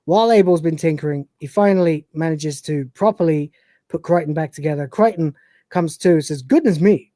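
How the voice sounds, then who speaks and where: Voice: medium pitch, fairly quick, warm tone, dry recording, studio quality. A podcast host casually retelling and reviewing a television episode, rambling with plenty of fillers.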